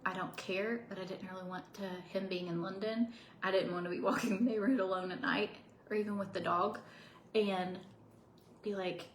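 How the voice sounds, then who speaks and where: A chatty woman in her thirties talks casually to her viewers, bubbly and rambling, with little laughs between thoughts. Her voice sits in a mid range and bounces around an echoey home office. A faint ambient hum stays under it. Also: mid-range voice. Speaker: vlogger. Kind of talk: casual chat to camera.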